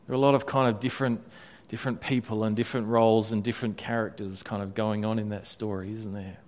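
A man's voice: on the low side, level tone, fast talker, darkish tone. Reflective man leading scripture meditation. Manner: reflective, frequent hesitant restarts.

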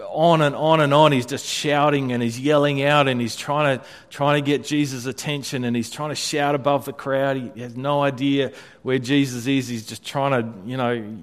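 A pastor leading a guided scripture meditation, speaking reflectively with many hesitant restarts. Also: male voice, medium pitch, steady tone, normal speed, hardly any pauses.

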